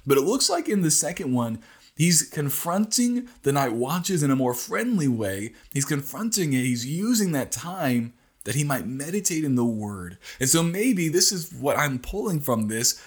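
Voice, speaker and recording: A middle-aged man hosting a casual morning devotional, teaching through scripture in an earnest way that speeds up and slows down. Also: on the high side, slightly rough. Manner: earnest, speeds up and slows down, rises when acting out a cry.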